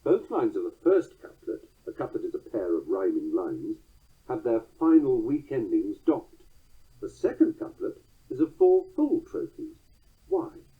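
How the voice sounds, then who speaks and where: A man with a measured, drily wry manner, reading poems aloud and explaining meter as a teacher. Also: medium pitch, huge pitch swings, breathy edge, narrow, tinny audio. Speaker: poetry teacher. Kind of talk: scripted narration reading verse aloud.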